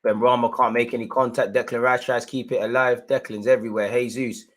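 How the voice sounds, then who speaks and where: An animated young man calls a football match live for his viewers, full of street slang. He talks in a steady, mid-pitched voice that climbs into heated outbursts aimed at the referee. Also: fast talker. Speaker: live match watchalong host. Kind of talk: excitable live football commentary and reaction.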